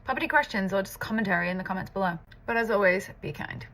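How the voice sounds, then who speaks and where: A woman in her thirties from the north of England with a muddled British-American accent and Scouse traces, chatting casually through a makeup tutorial and often dropping to a soft near-whisper. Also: mid-range voice, fast. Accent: mixed British and American, with Scouse traces. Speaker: makeup artist and content creator. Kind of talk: get-ready-with-me makeup tutorial.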